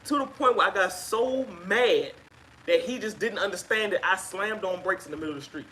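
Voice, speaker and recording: A woman sharing her own experience as a guest on a live chat, telling it in an emphatic, animated way. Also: medium pitch, brisk, a little hiss or hum, poor audio. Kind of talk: casual live-stream chat.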